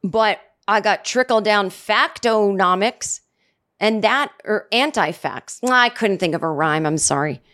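A middle-aged woman hosts her own comedy podcast alone at a studio microphone. She rambles from thought to thought with dry sarcasm, breaking off for self-deprecating asides. Her pitch sits squarely in the ordinary middle for a woman. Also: unhurried, fairly bright tone. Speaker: podcast host. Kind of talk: solo comedic podcast monologue.

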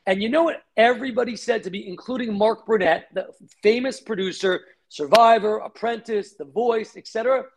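A middle-aged man, a company founder, telling career stories in an interview, fast and animated, acting out the voices of people he quotes. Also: high voice, gravelly.

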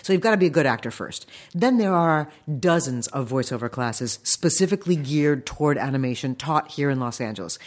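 An experienced animation voice director in middle age, talking in an emphatic, lively way. Gives practical advice in an interview. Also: medium pitch, a little fast, few pauses.

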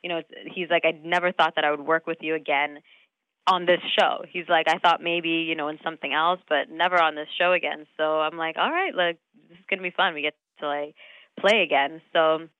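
A young adult actress talking casually in an interview, chatty, laughing often and full of fillers and restarts. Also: female voice, low-pitched, steady tone, fairly quick, no echo, narrow, tinny audio. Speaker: actress guest.

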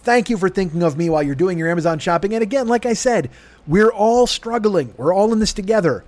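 Hoarse man in his fifties, solo podcast host, profane self-deprecating comic rambler. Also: sits high, animated, quick pace, a little mellow. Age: 50s. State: hoarse from yelling. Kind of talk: casual solo podcast monologue. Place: home room with air conditioner.

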